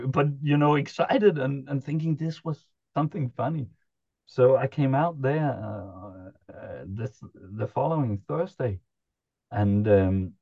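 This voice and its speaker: A man, a podcast guest, telling a personal story in a halting, chuckling way with many restarts. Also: mid-range voice, dry recording, highs cut off. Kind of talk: casual storytelling.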